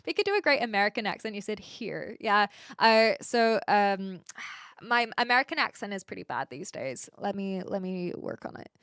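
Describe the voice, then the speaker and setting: A woman's voice: mid-range voice, expressive, moderate pace, fairly bright tone, smooth, no echo, studio quality. A woman from New Zealand chatting casually with viewers as a streamer, restarting her words often as she talks. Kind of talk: casual chat answering viewers.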